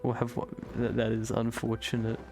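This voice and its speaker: Guy streaming a game, gets worked up and swears, mid-pitched, faint music under it. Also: moderate pace, gravelly. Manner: excitable, swears, talks to himself. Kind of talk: casual game livestream chat.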